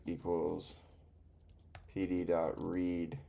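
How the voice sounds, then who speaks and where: A young man live-streaming himself learning to code, muttering and reading code aloud as he types, hesitant and full of pauses. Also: sits low, completely flat delivery, vocal fry, mellow.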